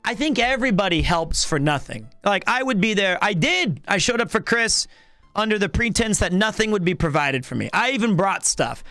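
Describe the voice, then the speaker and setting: A man in his thirties chatting casually on a live stream, animated and rambling with lots of restarts. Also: sits high, normal speed, dry recording, soft background music. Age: 30s.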